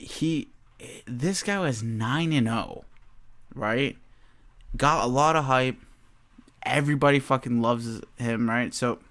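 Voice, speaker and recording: A man's voice: mid-range voice, creaky. A young man hosting a casual chat about fight picks, rambling, swearing freely and often breaking into laughter. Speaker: host. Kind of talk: casual sports betting chat.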